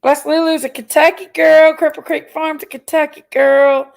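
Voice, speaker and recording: A woman's voice: high-pitched, little pitch movement, gravelly, rough recording. A middle-aged woman, chatting casually as a livestream host and reading out viewers' comments. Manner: chatty, playful, drawn-out exclamations.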